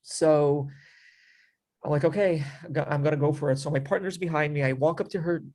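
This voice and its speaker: Somewhat high-pitched yet darkish in tone, a man's steady, slightly quick voice carries a rambling story. He's a guest in a casual interview, leaning heavily on "like" and "you know" and reenacting what he said back then.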